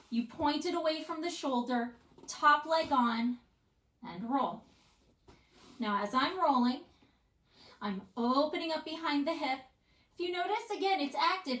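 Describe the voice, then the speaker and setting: A woman Pilates instructor guiding a follow-along workout with calm, encouraging cues, often checking in with "right?". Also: high voice. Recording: echoey room.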